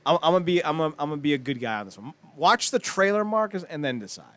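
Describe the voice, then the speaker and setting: Podcast co-host, male, slightly high voice, profane and animated storyteller. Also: rapid-fire, no room sound. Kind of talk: casual chat.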